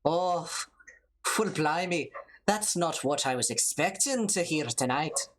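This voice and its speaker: A streamer doing a young male friend in a shaky, put-on Irish-Scottish brogue, sing-song and overdone. The pitch swings up and down freely, and the lines come out slow and drawn. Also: animated, lightly acted. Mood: surprised. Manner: exaggerated and playful.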